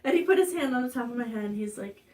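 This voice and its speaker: A woman with an Ozark American accent hosting a farm channel's live stream, telling a personal story in a chatty way with fillers and restarts, her voice climbing high on the emotional parts. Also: animated, racing, a little mellow.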